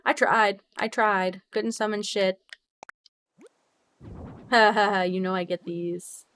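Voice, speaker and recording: A chatty young woman streaming a cozy game, reading out her chat and reacting with quick bursts of excitement. She swears casually and keeps up a running stream of talk. Her voice sits at a middle pitch. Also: clear, resonant tone. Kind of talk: casual live-stream chat while gaming.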